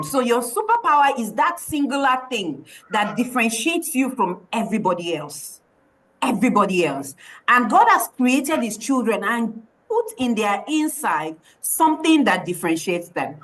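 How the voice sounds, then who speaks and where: A woman coaching children in a lively online workshop, enthusiastic, repeating her praise and laughing often, heard over a video call. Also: on the high side, slight background noise.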